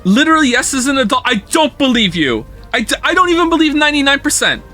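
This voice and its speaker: A man streaming a game talks straight at his chat in a very high, sharp voice. He rants in a loose, profane way and keeps pushing back on what they say. Faint game music runs quietly behind him. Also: big pitch swings, fast. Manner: incredulous, profane ranting at chat. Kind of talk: casual live-stream chat.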